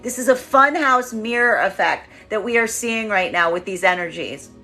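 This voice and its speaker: A woman's voice: mid-range voice, expressive, moderate pace, bright, forceful tone, soft background music. A woman giving a collective tarot reading, emphatic and prone to repeating phrases as she acts out what the energies are saying. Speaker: tarot reader.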